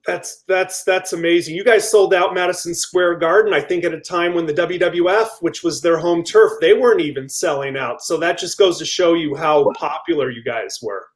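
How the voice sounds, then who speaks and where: A man's voice: fairly high pitch, moderate pace, few pauses. A man hosting a casual interview, eager as he asks his questions. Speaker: host.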